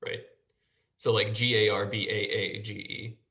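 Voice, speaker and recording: A man's voice: on the low side, level tone, unhurried, vocal fry, pushed and bright. A man hosting a casual school podcast, prompting the group with questions and laughing easily. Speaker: podcast host guiding discussion.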